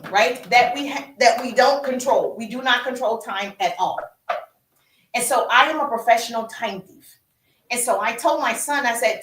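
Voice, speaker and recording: A woman gives a motivational marketing lesson, hammering her points home in an emphatic, repetitive, preacher-like rhythm. Her voice sits high and rings in a roomy space, a little away from the mic. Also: a bit bright, recorded from a distance. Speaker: social media marketing coach. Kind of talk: motivational training talk.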